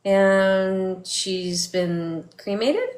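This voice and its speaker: A middle-aged woman telling a personal story in a vlog, speaking softly and haltingly, with many fillers and restarts. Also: mid-range voice. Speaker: vlogger. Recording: echoey room.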